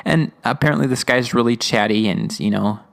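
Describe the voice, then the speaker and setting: A man's voice: mid-range voice, a little slow, vocal fry. A man hosting a podcast, casually talking through an episode with lots of fillers and laughs. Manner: rambling, laughing, many fillers. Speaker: podcast host reviewing episodes.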